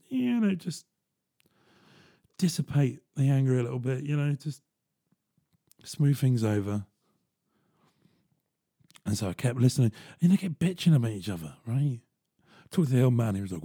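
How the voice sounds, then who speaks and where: A young man telling a personal story in a casual, animated way, swearing freely. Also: mid-range voice, moderate pace, pauses often, breathy edge, no room sound, studio quality. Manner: animated, swearing, chuckling asides.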